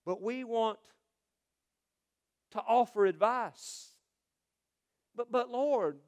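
A male pastor preaching a sermon, swinging between loud proclamations and quiet, quick asides. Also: very high-pitched, clean tone.

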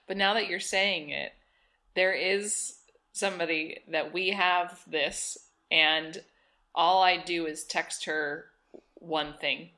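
Woman cohosting a podcast, kinda low voice but bright, stops and restarts a lot. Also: steady tone. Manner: thoughtful, halting, many restarts. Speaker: podcast co-host. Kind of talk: casual chat.

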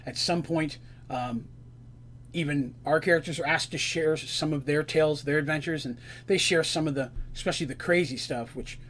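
A man's voice: fairly high pitch, moderate pace, a bit bright. A man narrating a tabletop game as game master, in a loose, conversational retelling.

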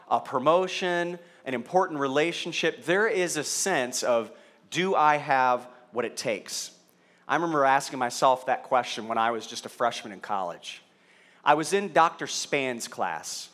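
A man's voice: a little high, a bit bright. Guy giving a sermon, jokey self-deprecating stories, talking into a mic in front of an audience. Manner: storytelling, self-deprecating humor, asks the audience questions. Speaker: pastor. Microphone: handheld or stage microphone.

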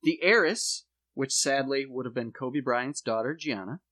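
A man hosting a comedy podcast, laying out a mock conspiracy theory in a deadpan voice with dramatic emphasis. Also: medium pitch, moderate pace.

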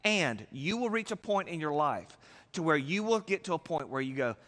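A man with a high voice preaches a sermon, talking to the room like a conversation and jumping into quick acted-out voices. His lines ring out with the long reverb of a large hall. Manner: animated preaching, acting out voices with big swings in pitch and loudness. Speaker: pastor.

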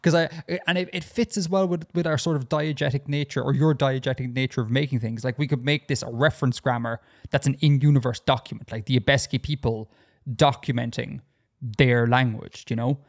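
A man talking casually on a podcast, chatty and loose. He stumbles and restarts his sentences often and fills the gaps with ums. His pitch is in a middle range. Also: fairly even intonation, brisk. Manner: chatty, hesitant with many restarts and fillers. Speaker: podcast co-host.

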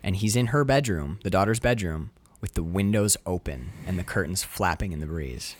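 Man, podcast co-host, lively swooping delivery, excited and profane, dry close sound. Casual movie chat. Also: low voice, moderate pace, no room sound. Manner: animated, profane, enthusiastic, rambling with restarts.

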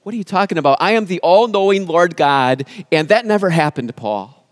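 God, a man voicing a gently puzzled all-knowing deity. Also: a little high, expressive, racing, no room sound, studio quality, natural voice. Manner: mock-bewildered, patient insistence.

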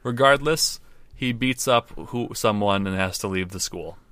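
Blunt deadpan man, dry close sound. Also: on the low side, measured pace, clean tone, no echo. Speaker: podcast co-host. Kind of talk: casual chat building a game character. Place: at home with a poster behind him.

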